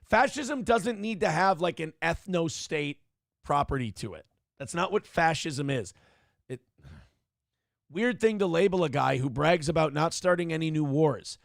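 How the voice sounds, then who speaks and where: A man's voice: fairly high pitch, expressive, measured pace, creaky, no room sound, clean studio sound. A man hosting a casual political commentary livestream, rambling and sarcastic, swearing freely as he reads comments aloud. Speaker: show host.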